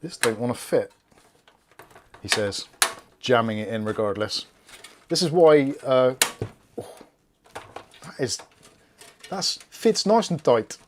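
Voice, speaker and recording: A man's voice: medium pitch, lively intonation, slow pace, pauses often, slight background noise. A man hosting a live PC build stream, chatting casually and reading out viewer comments while he works. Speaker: tech channel host.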